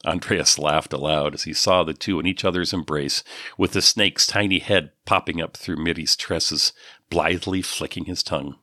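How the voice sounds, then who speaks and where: A man narrating an audiobook in a measured, descriptive way. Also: low-pitched, steady tone, pushed and bright, no echo, studio quality. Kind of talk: scripted narration.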